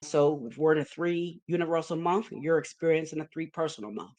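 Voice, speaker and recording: A woman's voice: low voice, a little fast, a little mellow. A woman hosting a numerology forecast, talking straight to her viewers. She explains step by step, repeats her key points for emphasis and keeps checking that listeners are following. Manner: emphatic and repetitive, checks in with "okay?". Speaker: numerology forecaster, show host. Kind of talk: video forecast talk with slides.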